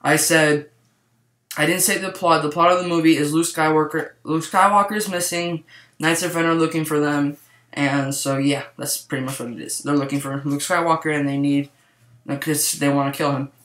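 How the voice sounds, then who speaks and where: A young man rambling excitedly through a casual movie review, full of fillers and restarts. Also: fairly high pitch, moderate pace. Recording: echoey room.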